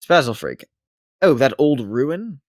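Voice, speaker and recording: A rambling, fussy slave-owner with a British accent, as a man puts him on for a tabletop game. He talks formally in a middle-pitched voice and wanders off topic. The sound is dry and close, with no room around it. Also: sing-song, slow pace, dry recording. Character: rambling male former slave turned wealthy slave-owner. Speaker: non-player character. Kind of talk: tabletop role-play voicing.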